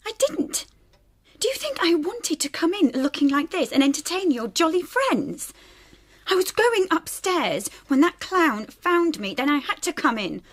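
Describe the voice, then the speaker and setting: Brief: rebellious young daughter, very high, lively voice, sarcastic and defiant. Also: female voice, a little slow, exaggerated voice. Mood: bitter. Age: young adult. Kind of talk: radio drama acting.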